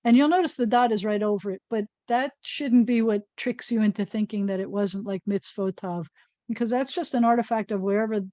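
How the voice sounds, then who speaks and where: A woman's voice: medium pitch, fairly quick, warm tone, dry recording. A woman rabbi teaching a Hebrew reading lesson in a patient, explanatory way, sounding out syllables and chuckling at her own jokes. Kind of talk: classroom lesson.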